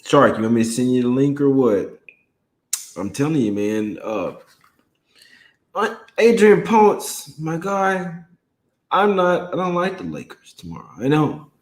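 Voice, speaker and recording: A man's voice: fairly high pitch, slow, long pauses, echoey room, rough recording. Slangy, laid-back male stream host. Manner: slangy, laid-back banter, greets chat by name. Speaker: sports betting livestream host. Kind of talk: casual livestream chat.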